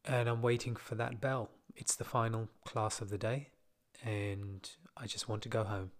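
A man casually telling a personal story from his school days, with relaxed, self-deprecating asides. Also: on the low side, moderate pace.

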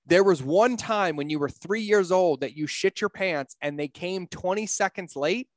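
A man's voice: high voice, moderate pace, dry recording. A middle-aged man talking in a casual podcast conversation, blunt, profane and emphatic, telling stories from his life. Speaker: podcast guest, entrepreneur.

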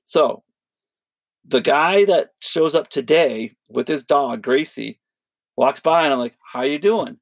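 A man co-hosting a podcast, telling a long story in a rambling, animated way, full of fillers and quoted voices. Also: a little high, slow pace, no room sound. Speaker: podcast co-host. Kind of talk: casual storytelling chat.

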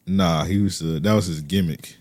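A man's voice: low voice, steady tone, normal speed, a little mellow, no echo. A man co-hosting a casual chat, bantering loosely with heavy slang.

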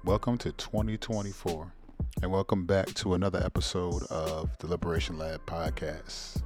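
A man's voice: deep voice, level tone, normal speed, darkish tone. A man hosting a podcast, giving a casual and upbeat introduction full of slang. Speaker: podcast host. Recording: intro over clear music.

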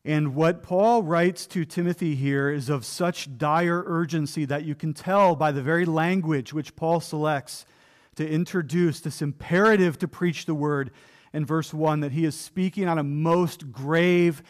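A man's voice: a little high, fairly even intonation, measured pace. A pastor preaching a sermon from the pulpit, earnest and emphatic, with rhetorical questions to his listeners. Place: church pulpit.

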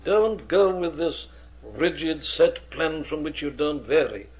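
A man's voice: a little high, takes it slowly, darkish tone. A man, an experienced preacher lecturing earnestly on how to preach, with emphatic rhetorical questions. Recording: dull lo-fi archive recording.

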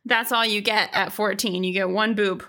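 A young woman in casual film chat, animated and often laughing as she acts out lines from the movie. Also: mid-range voice, moderate pace, background noise.

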